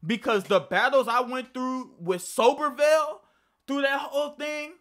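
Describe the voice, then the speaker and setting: A man's voice: very high-pitched, steady tone, measured pace, fairly bright tone. A young man telling a casual personal story to camera, rambling and profane, often restarting his sentences. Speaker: vlogger.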